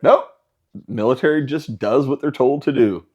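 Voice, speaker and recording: A man's voice: medium pitch, moderate pace, lo-fi sound, very noisy. A man hosting a casual film reaction, sardonic and wisecracking.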